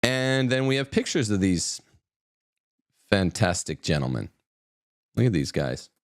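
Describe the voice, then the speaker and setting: A man's voice: on the low side, sing-song, measured pace, no room sound, studio quality. A man hosting an opinionated news commentary show, reading headlines and adding sarcastic, mocking asides. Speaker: host.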